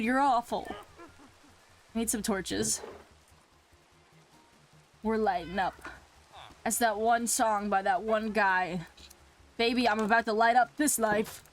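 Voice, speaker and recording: A young woman hosting a game video, chatting casually and talking back to the game's creatures in a flustered, exclaiming way. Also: a little hiss or hum. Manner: flustered, talks to the game's mobs, swings from exclaiming to low muttering. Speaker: Minecraft let's play host.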